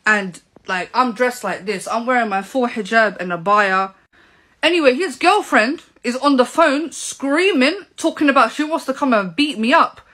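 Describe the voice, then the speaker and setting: A woman, telling a story in an animated, indignant way to camera. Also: fairly high pitch, normal speed. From England. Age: 20s. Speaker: vlogger. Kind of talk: storytelling vlog.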